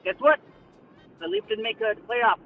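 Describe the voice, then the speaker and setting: A man's voice: extremely high pitch, sing-song, moderate pace, gravelly, soft background music. A man calling in to a radio show with a teasing fly impression, heard over a phone line. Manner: teasing, mocking. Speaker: caller.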